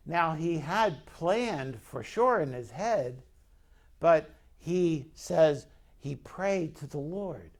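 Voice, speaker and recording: A man's voice: on the high side, expressive, very slow. A man preaching a conversational sermon as pastor, telling the story and putting questions to the congregation.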